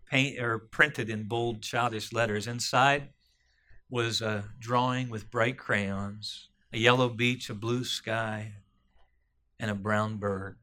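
A man retelling a story aloud, halting often with fillers and restarts. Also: mid-range voice, steady tone, pushed and bright.

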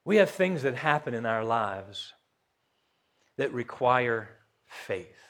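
A man preaching a sermon as pastor, folksy, questioning his congregation and rising to loud emphasis. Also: medium pitch, very animated, slow pace.

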